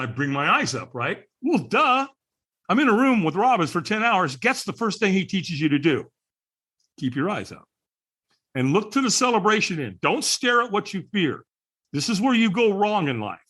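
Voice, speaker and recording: A podcast guest spins a story with real animation, his pitch leaping up and down as he acts out the people in it. His voice sits a bit high for a man, with a husky edge to it. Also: a little fast. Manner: lively storyteller who acts out quoted people.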